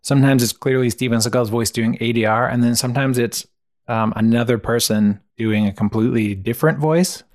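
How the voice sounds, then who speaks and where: A man's voice: mid-range voice, brisk, darkish tone. A man co-hosting a casual podcast, wryly summing up reviews and a plot with lots of filler words. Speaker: podcast co-host.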